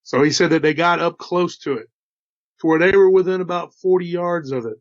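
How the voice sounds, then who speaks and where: Telling his encounter stories a little fast, the host has a slightly high voice and a light Texas drawl. The recording is muffled with no room sound, and his chatty delivery includes folksy asides to listeners.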